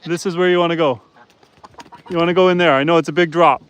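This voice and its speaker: High-voiced chatty homestead host. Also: male voice, fairly even intonation, fast talker, a bit bright, clean tone. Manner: chatty, talks to his animals and to viewers. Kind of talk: casual live-stream chat. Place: outdoors on a farm among animals.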